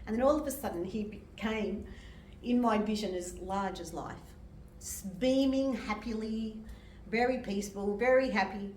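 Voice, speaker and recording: An older woman, a medium and reverend, gives a sermon with personal testimony in a gentle, emotional way and laughs often. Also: mid-range voice, normal speed, few pauses, a little hiss or hum. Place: church hall. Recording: echoey hall from far off.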